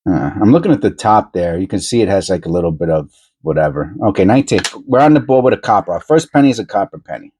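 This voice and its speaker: A man with a fairly low voice talks off the cuff as he hunts through coins. He rambles, repeats words and corrects himself on the fly, and he breaks into excited asides now and then. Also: fast talker, slightly rough. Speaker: coin roll hunting channel host. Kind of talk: casual chat while searching coins.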